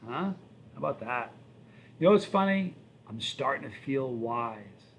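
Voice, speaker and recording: Fifty-something male streamer, casual rambling chat, mid pitch, faint room hum behind. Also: expressive, measured pace. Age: 50s. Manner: rambling, chatty storyteller. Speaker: livestream host. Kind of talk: casual live-stream chat reading viewer questions.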